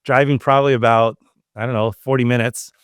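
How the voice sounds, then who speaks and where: A man from Southern California hosting a podcast, telling a story in a casual, animated way and acting out quoted lines. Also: mid-range voice, a little fast, clear, resonant tone, no room sound, studio quality. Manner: animated, acts out quoted dialogue. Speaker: podcast host.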